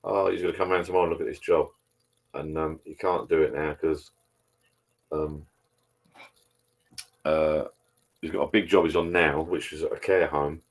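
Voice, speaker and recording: A middle-aged man in a loose, rambling live-stream chat, stopping now and then to read out viewer comments. His voice sits very low and comes across husky and a little rough. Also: fairly even intonation, moderate pace, pauses often.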